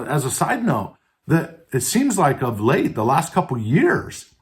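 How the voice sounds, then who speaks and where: Guy doing a motivational leadership podcast, pitch jumps around a lot, lots of "right?", talks straight to the listener. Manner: earnest, stresses words by tone, asks listeners questions; many fillers like "right?" and "and so forth". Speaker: podcast host.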